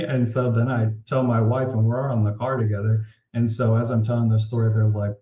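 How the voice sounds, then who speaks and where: A man's voice: mid-range voice, a little fast, hardly any pauses. A man being interviewed as an author, telling stories casually and animatedly, saying "like" a lot with a disbelieving tone. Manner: animated, says "like" often, incredulous. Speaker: author guest. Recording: roomy echo.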